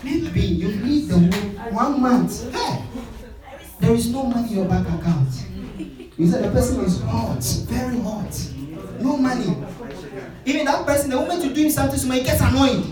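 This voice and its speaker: High-voiced preacher man in an echoey hall. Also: moderate pace. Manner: energetic, shouting, call-and-response with the crowd. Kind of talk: sermon. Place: large conference hall. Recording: echoey hall from far off with music.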